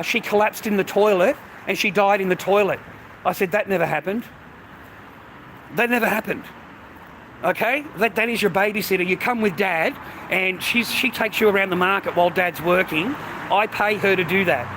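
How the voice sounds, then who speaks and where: A man's voice: high-pitched, brisk, bright, forceful tone. A middle-aged Australian man ranting casually to the camera, agitated and profane, repeating himself and calling the listener mate. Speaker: vlogger. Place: outdoors by a road. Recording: outdoor street noise, traffic.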